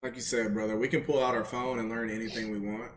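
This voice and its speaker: A man's voice: fast, slight background noise. A man co-hosting a casual podcast, talking emphatically and repeating phrases for effect. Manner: emphatic, repeats phrases, animated pitch jumps. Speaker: podcast co-host. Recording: roomy echo.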